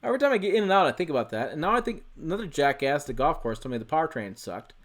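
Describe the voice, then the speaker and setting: A man with a slightly high, sing-song voice races along as he hosts a casual livestream for his channel from a home office, speaking into a desk USB microphone. He rambles, corrects himself, and swears casually.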